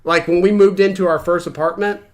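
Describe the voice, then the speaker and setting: A man's voice: high voice, steady tone, a little fast. A man co-hosting a gaming podcast, telling a long story in a casual chat, often restarting his sentences. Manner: rambling, self-interrupting storyteller. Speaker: podcast co-host.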